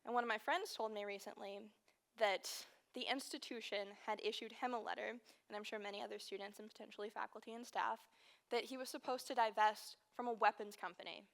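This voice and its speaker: Young woman from Texas, early 20s, student speaker; slightly high voice, earnest storytelling with emphatic repeated phrases. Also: steady tone, fairly quick, creaky. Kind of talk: personal storytelling speech.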